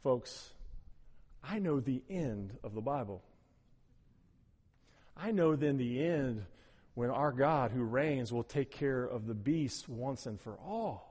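A man preaching a sermon as pastor, animated, swinging between hushed, soft passages and loud, emphatic ones. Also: mid-range voice, slow pace, long pauses, husky, long reverb tail.

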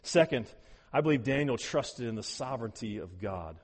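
A man preaching a sermon as pastor, animated, swinging between hushed, soft passages and loud, emphatic ones. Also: medium pitch, moderate pace, big-room sound.

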